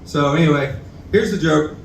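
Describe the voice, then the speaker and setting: Drawling at a moderate pace, a young comedian at an open mic rambles through a self-deprecating, cuss-filled set with asides to the audience, his voice a little high for a man. The recording is made from afar in a roomy, echoey bar and carries a little hiss or hum.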